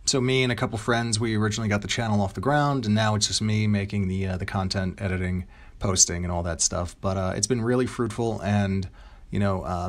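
A young man with a low voice and a smooth radio tone talks through interview questions in a relaxed, conversational way. He leans on ums and you-knows as he goes, recorded on a home mic. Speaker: voice actor and content creator. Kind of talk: reading out interview questions and answering casually.

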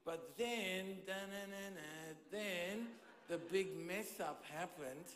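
A man preaching to a church congregation, his somewhat high voice carried by a handheld microphone. He talks in a conversational way and keeps checking in with his listeners. The sound rings around a large, reverberant hall. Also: slow pace, a bit bright. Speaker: pastor. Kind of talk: sermon. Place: church auditorium. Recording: echoey hall with long reverb.

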